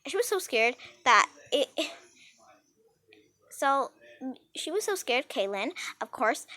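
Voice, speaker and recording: A woman's voice: high voice, sing-song, takes it slowly, pushed and bright. A woman telling a rambling story in a casual storytime style, with frequent restarts and acted-out dialogue.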